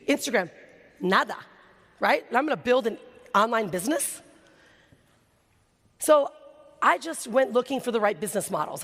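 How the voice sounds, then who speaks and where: Brief: woman keynote speaker, lively stage storyteller, slight vocal fry, big reverberant hall. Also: on the high side. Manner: animated, acts out quoted voices. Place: large hall before an audience.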